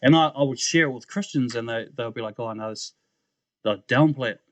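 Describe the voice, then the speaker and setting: Animated New Zealand man telling a story. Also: medium pitch, fast, dry recording, lo-fi sound. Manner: animated storyteller, often says "bro", acts out voices. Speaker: podcast guest. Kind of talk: testimony storytelling.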